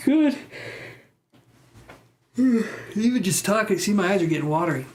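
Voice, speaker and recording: A man with a high voice and lively intonation talks fast on a live tarot stream, chatting loosely and drifting from one thought to the next. He responds to viewer comments in a relaxed, unscripted way, and a basic streaming mic captures him.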